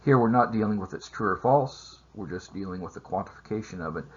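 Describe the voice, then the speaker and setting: A man teaching a math lesson over slides, explaining steps in a measured way with frequent filler sounds. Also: on the low side, expressive, slightly rough, lo-fi sound. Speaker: math instructor. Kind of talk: recorded lecture over slides.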